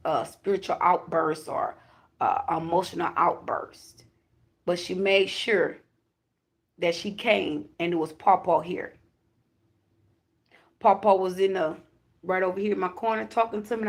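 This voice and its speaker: A woman with a gravelly, creaky edge speaks as a self-styled high priestess. She hammers her points home through repeated declarations and drops in casual profanity as she channels a spiritual message to her audience. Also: fairly even intonation, moderate pace, long pauses.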